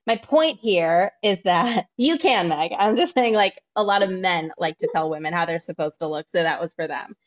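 A woman podcast host talks candidly and swears casually in a chatty interview. Her voice sits fairly low, and the recording is dull and lo-fi. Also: moderate pace, few pauses. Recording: dull lo-fi audio.

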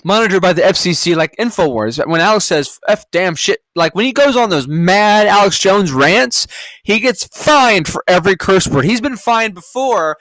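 A man's voice: high voice, lively intonation, moderate pace, a bit bright, no room sound. A man hosting a podcast, reacting to headlines in a rambling, profane, sarcastic rant. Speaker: podcast host. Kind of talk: casual news-reaction rant.

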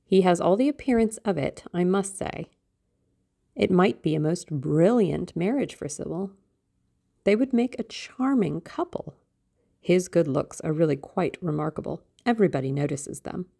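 A woman's voice: lowish voice, expressive, normal speed, gravelly, warm tone. A woman voicing a vain, theatrical middle-aged mother with a genteel, self-satisfied manner. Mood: complacent.

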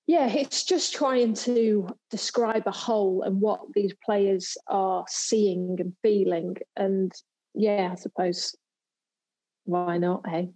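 A chatty woman from England telling a story in an interview. Her voice is mellow and a little husky, and she talks easily, with many fillers and restarts. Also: mid-range voice, poor audio. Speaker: guest, golf presenter and former pro golfer. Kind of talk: casual interview chat.

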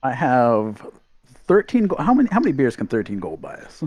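Fast-talking, eager tabletop player. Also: male voice, mid-range voice, wildly swooping pitch, darkish tone, dry recording, lo-fi sound. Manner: eager, joking, quick. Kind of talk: casual tabletop role-play.

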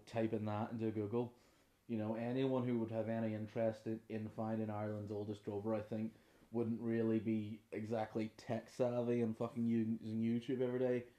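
A young Northern Irish man rambling through an unscripted podcast, swearing often and making fun of himself. His voice is mellow and dark, and it echoes around the room. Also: on the low side. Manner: sweary, rambling, self-mocking. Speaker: podcast host. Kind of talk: casual unscripted chat. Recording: roomy echoing room.

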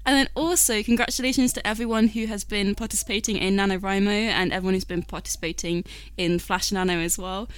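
A woman's voice: mid-range voice, fairly even intonation, fast talker, clean tone, dry recording. Woman co-host, bubbly, super dry close sound. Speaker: podcast co-host. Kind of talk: casual podcast chat.

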